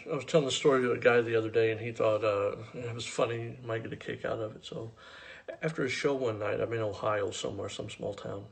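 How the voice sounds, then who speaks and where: Country comic guy spinning a yarn, gravelly, dry deadpan. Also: mid-range voice. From rural United States. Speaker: stand-up comedian. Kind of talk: comic storytelling to camera.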